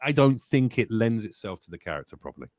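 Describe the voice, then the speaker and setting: A man in a casual podcast chat as an actor and voice-actor guest. He talks in an animated, expressive, jokey way. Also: on the low side, fast talker, no echo.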